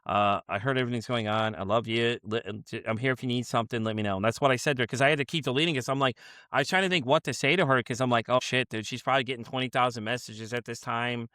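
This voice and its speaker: Male podcast host, quick and animated, dry close mic. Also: medium pitch, no room sound. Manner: animated storytelling, acts out quotes, swears freely. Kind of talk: casual podcast chat.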